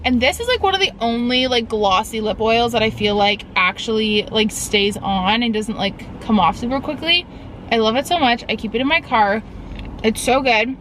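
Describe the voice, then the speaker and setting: Young woman, vlogger, animated and casual, bit of a potty mouth, phone-camera sound with faint road noise. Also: fairly high pitch, normal speed, rough recording. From Canada. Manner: chatty, animated, swears casually. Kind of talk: casual vlog chat. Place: in a car and out running errands.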